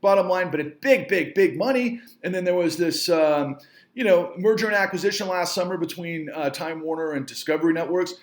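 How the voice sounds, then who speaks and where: A man's voice: high-pitched, brisk, reverberant. A man giving an angry, emphatic rant straight to his audience, repeating himself for force. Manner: angry, emphatic, repetitive, swearing mildly. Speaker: filmmaker and entrepreneur. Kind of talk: impassioned rant to camera.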